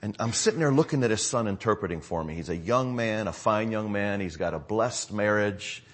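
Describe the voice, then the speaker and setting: A lowish, expressive male voice moves briskly as a middle-aged American pastor gives his congregation a sermon update. He tells stories in a relaxed, conversational manner, frequently stepping aside from the main thread.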